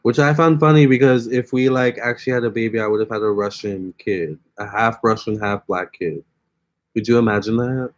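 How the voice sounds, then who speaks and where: A man's voice: fairly low pitch, a little fast. A young man hosting a casual phone livestream, chatting with viewers and reading their comments aloud. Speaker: livestream host.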